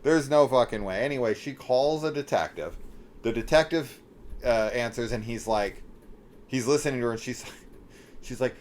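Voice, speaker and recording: A middle-aged horror movie reviewer talks through a film in a casual spoiler discussion, animated and incredulous, swearing and acting out scenes. He speaks at a medium pitch and a normal speed.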